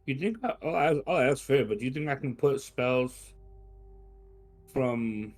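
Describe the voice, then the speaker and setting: A man's voice: mid-range voice, animated, unhurried. Guy at the table asking stuff, going through his spells one by one, normal mid voice, typing behind. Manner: inquisitive, lists options methodically. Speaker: player. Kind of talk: casual tabletop chat.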